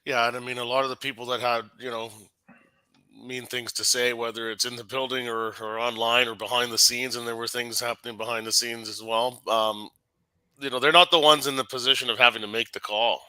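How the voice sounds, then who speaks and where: A man with a strikingly bright, cutting voice recorded dry and close. He talks through his refereeing experience in a loose, halting way, circling back and restarting often. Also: mid-range voice, little pitch movement, smooth, dry recording, low-quality recording. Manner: halting, many restarts and fillers. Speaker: hockey referee guest. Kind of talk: casual podcast conversation.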